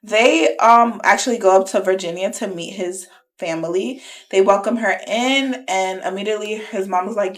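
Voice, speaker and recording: Woman podcast co-host, casual recap chat, lively retellings. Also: medium pitch, normal speed. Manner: animated retelling with quoted voices and laughs.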